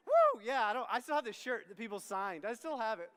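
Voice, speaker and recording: A man's voice: high voice, lively intonation, fast, fairly bright tone, clean tone. A middle-aged man from Texas, a student ministry pastor, giving a candid youth sermon with many restarts and asides to the crowd. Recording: long hall reverb.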